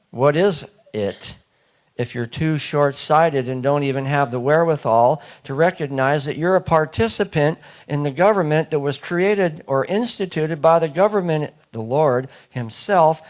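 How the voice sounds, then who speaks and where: A man giving a public lecture, emphatic and repeating key points, often putting questions to the audience. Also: fairly high pitch. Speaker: speaker addressing an audience.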